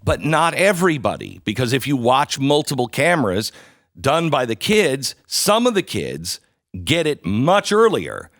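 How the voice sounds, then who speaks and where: Male talk host, lively pitch, slow deliberate pacing, dry close studio sound. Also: no room sound. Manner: animated storytelling, acts out quoted voices. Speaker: show host. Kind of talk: commentary, retelling video clips.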